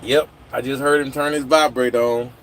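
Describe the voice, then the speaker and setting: A man's voice: medium pitch, steady tone, moderate pace, a little hiss or hum. A man hosting a casual livestream from his phone, rambling and answering viewers' comments. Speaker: livestream host. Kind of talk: casual live chat with viewers.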